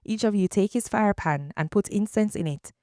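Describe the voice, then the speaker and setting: A woman reading the lines of an aging male prophet who gives his people stern, measured commands. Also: mid-range voice, darkish tone, no echo, clean studio sound, pitched above the performer's own voice, close to an everyday voice. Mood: commanding.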